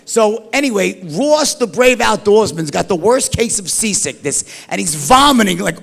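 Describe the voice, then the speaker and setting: A middle-aged man telling a wild story in an animated, profane, rambling way, tossing in "right?" and "like" all the time. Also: sits high, normal speed, gravelly, hardly any pauses. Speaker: storyteller guest. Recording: long hall reverb.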